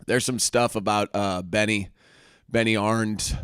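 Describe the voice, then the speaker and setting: Laid-back laughing podcast co-host. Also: male voice, on the low side, steady tone, unhurried, fairly bright tone, clean tone, no room sound, studio quality. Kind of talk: casual chat.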